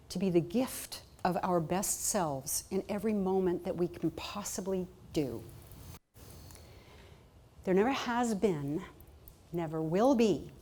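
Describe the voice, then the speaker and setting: A woman giving a storytelling talk at a conference, animated and acting out the voices of people in her anecdotes. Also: lowish voice. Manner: animated, acts out quoted voices. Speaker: keynote speaker. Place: conference hall.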